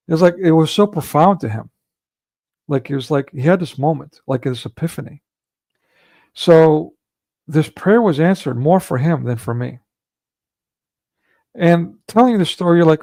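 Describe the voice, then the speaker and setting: A man's voice: a little high, fairly quick, gravelly, darkish tone, dry recording. A man hosting a livestream, telling a long rambling story in casual chat with frequent restarts and fillers. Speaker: livestream host.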